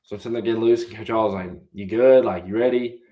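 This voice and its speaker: A man's voice: on the low side, steady tone, fast, mellow. A young man in his twenties, a podcast guest and former college quarterback, telling a long story in a casual way and answering politely with "yes, sir.". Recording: roomy echo.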